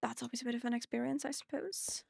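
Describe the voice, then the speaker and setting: A young German woman streams a game and chats casually, rambling and putting herself down. A native German speaker, her English accent mixes in British touches. Her voice is a little high, flat and fast, with vocal fry, a slightly mellow quality, and a little hiss or hum.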